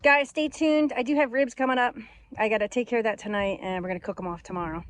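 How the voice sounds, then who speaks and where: Casual cooking vlogger, a woman with a fairly high voice, talking through each step outdoors. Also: fairly even intonation, fast, a little hiss or hum, poor audio. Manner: chatty, thinking aloud while cooking. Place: outdoors by a camper.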